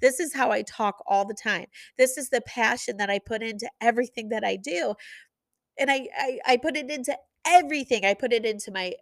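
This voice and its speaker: Passionate, energetic woman podcast host. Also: on the high side, fairly quick, vocal fry, no room sound, clean studio sound. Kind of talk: motivational podcast monologue.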